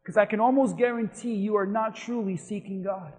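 A man preaching a sermon as pastor in a church, his delivery building from steady teaching to impassioned shouting. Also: sits high, fairly quick, big-room sound. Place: church sanctuary.

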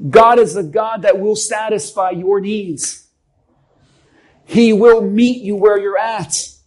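A man's voice: sits high, fairly even intonation, takes it slowly, darkish tone, poor audio. A man preaching a sermon as a pastor, emphatic and calling on the congregation to respond.

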